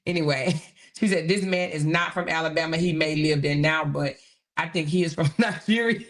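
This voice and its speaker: A man's voice: fairly high pitch, normal speed, a bit bright. A man hosting a casual commentary show, chatty and given to laughing and exclaiming to his viewers.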